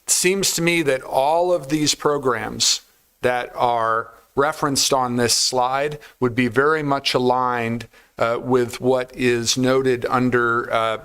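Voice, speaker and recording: Male supervisor at a public meeting, clear resonant voice, measured and procedural. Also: medium pitch, a bit bright. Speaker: county supervisor. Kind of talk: formal remarks at a public meeting.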